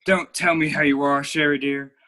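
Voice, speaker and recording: Young man acting out a vain showy playwright, bright forceful voice, florid, video call. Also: on the high side, steady tone, normal speed. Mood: grandiose. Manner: grandiose, florid delivery. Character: flamboyant vain male playwright, theatrical and witty. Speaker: student actor. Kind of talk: school play over video call.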